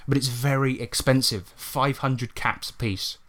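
A man's voice: medium pitch, fairly even intonation, unhurried, fairly bright tone. A man co-hosting a podcast in a casual chat, explaining tabletop game rules step by step and swearing freely.

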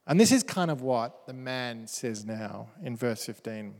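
A man's voice: mid-range voice, expressive, a little slow, few pauses, a little mellow. A man preaching a sermon who reads verses aloud and breaks into playful, joking asides. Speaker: pastor. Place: church hall. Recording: church hall with long reverb.

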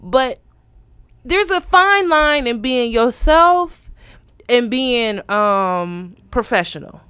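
Her voice is a little high, clear, and resonant, and she speaks slowly on a dry, studio-quality recording. As a podcast co-host in casual chat, she tells a story and animatedly acts out those she quotes.

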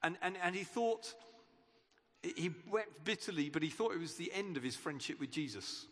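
A man's voice: fairly high pitch, animated, normal speed, fairly bright tone. A man preaching a sermon in a church, earnest and conversational, often restarting his sentences. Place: church hall. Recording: long church-hall reverb.

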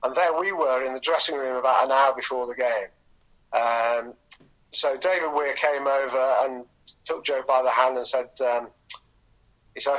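A middle-aged man from England, a guest in an interview, telling long anecdotes with frequent pauses and ums. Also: mid-range voice, sharp tone, poor audio. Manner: rambling storyteller with frequent ums.

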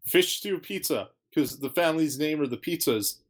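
A man's voice: fairly high pitch, animated, moderate pace. A man co-hosting a podcast in casual chat, joking crudely and swearing freely. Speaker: podcast co-host.

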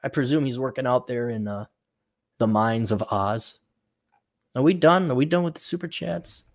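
A man's voice: medium pitch, normal speed. A man hosting a solo podcast, ranting in a profane, sarcastic way and mocking people he disagrees with. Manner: mock voices for people he ridicules. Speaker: podcast host.

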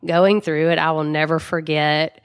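A middle-aged woman with a low-pitched voice, speaking as a guest in an interview. She tells her stories candidly and chattily, leaning on fillers like "you know" and "like.". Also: moderate pace, clear, resonant tone. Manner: chatty, animated retelling with many fillers. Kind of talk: candid conversational storytelling.

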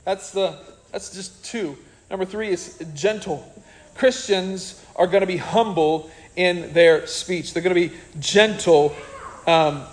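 A man preaching a sermon in an animated way, with joking asides and acted-out quotes. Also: high voice, poor audio. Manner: animated, jokey asides, acts out quoted people.

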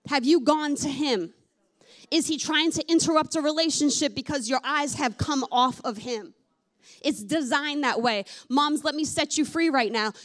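High-voiced woman preaching. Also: moderate pace. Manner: conversational, candid, with many fillers like "like". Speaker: pastor. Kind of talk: sermon.

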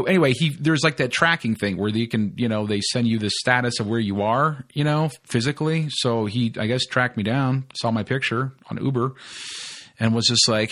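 A man's voice: lowish voice, moderate pace, a bit bright. A man hosting a podcast, telling a long story in a rambling, casual way with lots of fillers, restarts and swearing. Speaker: podcast host.

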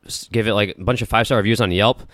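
A man's voice: on the low side, rapid-fire, fairly bright tone, no room sound, studio quality. A man co-hosting a podcast, rambling and swearing in casual banter about movies, laughing often. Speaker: podcast co-host.

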